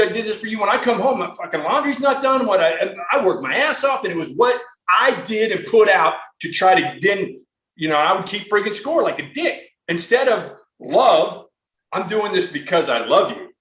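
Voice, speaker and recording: A man's voice: sits high, fairly bright tone, roomy sound, rough recording. Earnest, rambling podcast host man. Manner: earnest, rambling, profane, with many restarts. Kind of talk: casual conversational interview.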